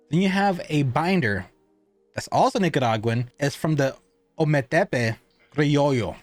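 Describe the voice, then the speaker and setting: A man's voice: medium pitch, no room sound. Chatty man reviewing cigars. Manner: rambling, asks and answers his own questions.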